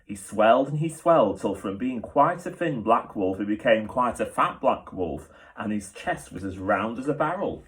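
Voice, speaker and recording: A man's voice: fairly low pitch, animated, normal speed, few pauses. Man reading a children's story aloud. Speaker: teacher reading to pupils.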